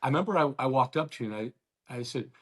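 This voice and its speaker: A man's voice: mid-range voice, lively intonation, fast. Earnest middle-aged man, heartfelt. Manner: earnest and warm-hearted, with frequent restarts. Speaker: guest, former baseball player. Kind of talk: casual chat.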